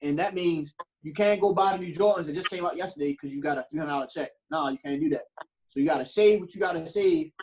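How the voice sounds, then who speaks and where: A young man talks on a casual podcast, animated and slangy, leaning into his stories with plenty of cursing. His voice sits a little high for a man. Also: rough recording. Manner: animated storytelling with slang and profanity. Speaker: podcast co-host. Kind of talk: casual chat.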